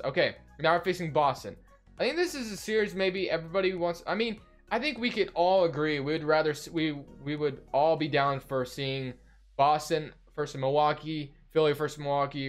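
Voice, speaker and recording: Rambling young man commentating his game. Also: a little high. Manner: rambling, thinking aloud with many fillers. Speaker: gaming video host. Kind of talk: casual gameplay commentary.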